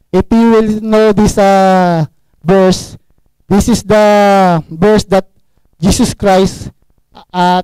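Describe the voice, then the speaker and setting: A man with a Filipino accent preaching a sermon in halting English, full of fillers and switches into Tagalog. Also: high voice, warm tone, clear, resonant tone, no room sound, rough recording. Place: small church room.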